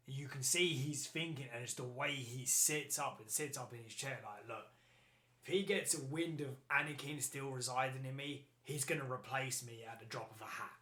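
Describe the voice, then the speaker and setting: A man hosting a podcast in excitable casual chat, swearing freely and rambling. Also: mid-range voice. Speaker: podcast host.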